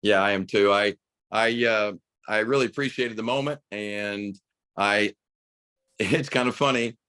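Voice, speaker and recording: Enthusiastic low-voiced male coach. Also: steady tone, a little slow, pushed and bright, clean tone, dry recording. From United States. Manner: enthusiastic, reflective storyteller. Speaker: high school basketball coach and radio broadcaster. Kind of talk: podcast interview, telling a story.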